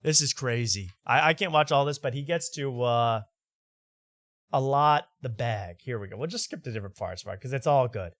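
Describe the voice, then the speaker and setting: A man's voice: medium pitch, moderate pace, a bit bright, no echo, clean studio sound. A man hosting a talk show, ranting sarcastically over clips and repeating himself.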